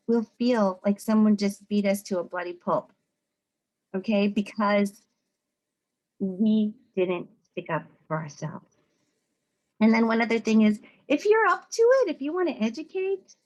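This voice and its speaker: A woman psychologist from the United States giving an informal talk to students, conversational and animated, often acting out other people's voices. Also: medium pitch, low-quality recording.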